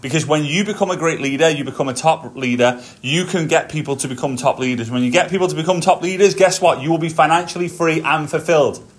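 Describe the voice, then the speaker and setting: A man hosting his own podcast, telling stories in an energetic motivational monologue while walking on a treadmill. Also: fairly high pitch, quick pace, hardly any pauses. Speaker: podcast host.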